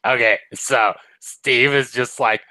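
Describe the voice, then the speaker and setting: Young male co-host, relaxed chat, plain middle voice, dry mic. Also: mid-range voice, slow pace, no room sound, rough recording. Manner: storytelling, slips into silly voices for jokes. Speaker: podcast co-host. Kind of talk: casual fan chat.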